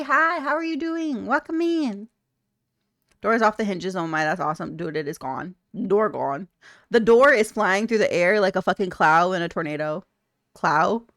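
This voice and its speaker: A young adult woman streamer with a medium-pitched, slightly bright voice chats casually with viewers, reading out their messages. She's giggly and playful and swears freely, and the recording is clean studio sound with no echo.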